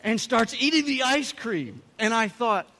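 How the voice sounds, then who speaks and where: A man's voice: very high-pitched, lively intonation, unhurried, in a large hall, crowd noise, noisy background. A man with an American accent preaching a sermon as pastor, telling humorous stories and putting on playful voices for quotes. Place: church sanctuary.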